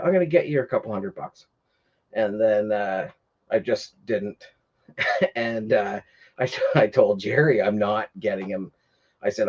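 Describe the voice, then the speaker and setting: A man with a low, husky voice chats casually on his own stream. He rambles, stops to restart himself and leans on fillers. The sound is a bit dull and lo-fi. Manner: rambling, many fillers, gets heated retelling. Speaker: livestream host. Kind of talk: casual storytelling chat.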